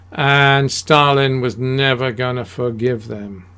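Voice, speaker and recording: Man, slow unhurried delivery, gravelly fry, rambling, emphatic, lots of ums. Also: medium pitch, little pitch movement, bright, forceful tone. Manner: rambling, emphatic, with many fillers and restarts. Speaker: history lecturer. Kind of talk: unscripted history talk.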